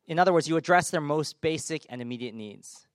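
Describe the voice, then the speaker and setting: A man's voice: fairly high pitch, animated, fairly quick, clean tone, no echo, clean studio sound. A man giving a conversational sermon as a pastor, informal with self-deprecating humor.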